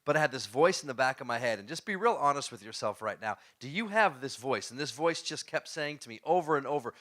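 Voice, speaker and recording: A man giving a storytelling talk to a live audience. He is animated, laughs often, and throws questions at the crowd. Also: mid-range voice, fast, few pauses. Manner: laughs often while telling stories. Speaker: motivational speaker.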